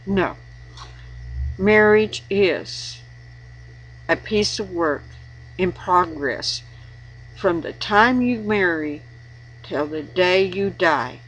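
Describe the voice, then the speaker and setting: A woman's voice: lowish voice, lively intonation, very slow, pauses often, low-quality recording. A woman giving earnest, preachy marriage advice in an informal devotional talk, repeating words for emphasis. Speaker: Christian video blogger giving marriage advice.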